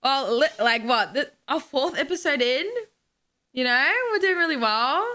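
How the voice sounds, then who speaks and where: A young woman co-hosting a casual gaming podcast, talking in quick bursts with restarts and laughter. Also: high voice, expressive, sharp tone. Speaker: podcast co-host.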